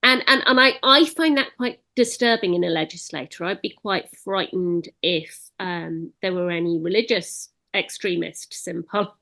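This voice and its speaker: A woman campaigner talking as a guest in an interview, emphatic and animated, with occasional laughs. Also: fairly low pitch, normal speed, vocal fry, hardly any pauses. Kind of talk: casual interview chat.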